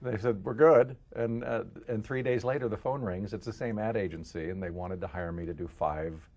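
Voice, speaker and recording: A middle-aged voice-over actor from the Kansas City area with a deep voice, telling stories in a casual interview and jumping into quoted voices. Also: male voice, fairly quick. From Kansas City area, United States. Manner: animated, jumps into quoted voices.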